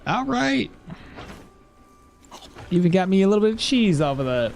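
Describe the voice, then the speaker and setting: A man's voice: high-pitched, big pitch swings, moderate pace, creaky, slight background noise. A man giving casual gameplay commentary, thinking aloud as he plays and laughing at chat messages. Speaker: gameplay streamer.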